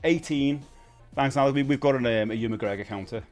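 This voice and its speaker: A man's voice: medium pitch, quick pace, a little mellow, soft background music. A man from the UK hosting a casual live stream, chatting loosely and reading out viewer comments, laughing often. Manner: chatty, laughs often, many fillers and restarts. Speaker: livestream host.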